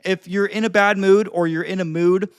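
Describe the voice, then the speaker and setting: A man's voice: high voice, steady tone, moderate pace, smooth, no echo, clean studio sound. A young man giving casual social-skills advice to camera, rambling with lots of fillers and the odd swear word. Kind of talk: casual talking-head advice.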